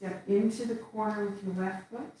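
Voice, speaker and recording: A woman teaching a qigong form, calmly cueing each step as she moves through it. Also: mid-range voice, normal speed, a little hiss or hum. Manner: calm step-by-step cueing while moving. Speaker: qigong instructor. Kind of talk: guided movement class. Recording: echoey room from far off.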